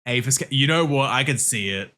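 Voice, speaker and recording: A man streaming a game and chatting casually, excitable, laughing a lot and swearing often. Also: medium pitch, fairly quick. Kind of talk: casual livestream chat while gaming.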